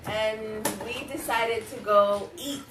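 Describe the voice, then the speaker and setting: A woman with a fairly high voice tells a story with energy and acts out the quotes in it. She is heard from a distance in a roomy space, with steady noise underneath. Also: slow. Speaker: co-host. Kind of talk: casual chat. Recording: echoey room, distant mic, noisy.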